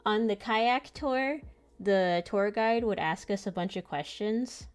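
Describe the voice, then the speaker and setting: A woman's voice: medium pitch, slow pace, clear, resonant tone. A young woman chatting casually while she draws, telling a travel story in a loose, rambling way and laughing often between sentences. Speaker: comic artist and channel host. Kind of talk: casual chat while drawing.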